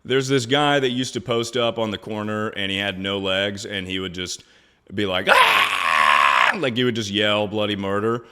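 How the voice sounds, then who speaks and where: A man's voice: fairly low pitch, normal speed, a bit bright, slight background noise. A young man streaming live, chatting casually in a rambling, crude way and laughing often.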